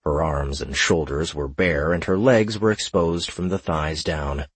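A man narrating an audiobook in a steady, measured reading. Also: very deep voice, husky, no echo.

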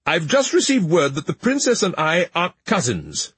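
A man's voice: on the high side, huge pitch swings, moderate pace, fairly bright tone, slightly rough, no room sound, pitched above the performer's own voice, exaggerated voice. A man doing a sly cowardly prince. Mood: glib.

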